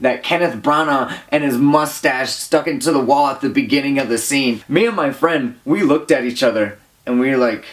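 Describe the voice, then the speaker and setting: A man's voice: medium pitch, moderate pace, hardly any pauses, fairly bright tone. A young man giving a casual movie review, rambling with lots of fillers, exasperated and often laughing. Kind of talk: casual profane movie rant.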